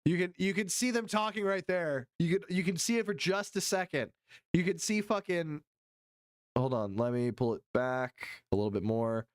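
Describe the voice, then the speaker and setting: Streamer doing crude mocking play-by-play on stream, super swingy pitch, swears a lot, keeps going "hold on". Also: lively intonation, normal speed. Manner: crude, profane, mocking play-by-play with many restarts; frequent silly put-on quote voices. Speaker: livestream host. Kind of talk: live-stream commentary reading chat.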